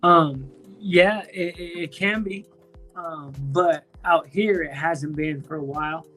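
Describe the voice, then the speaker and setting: Stoned male streamer at home, higher-pitched, loose profane slang, faint music underneath. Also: takes it slowly, sharp tone. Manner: loose, rambling, profane slang with many restarts. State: high from smoking weed. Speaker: streamer talking to chat. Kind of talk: casual live-stream chat. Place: at home, indoors.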